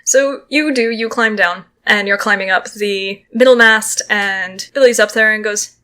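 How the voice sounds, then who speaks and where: A woman narrating a tabletop game as game master, lively. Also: medium pitch, a little slow, clear, resonant tone.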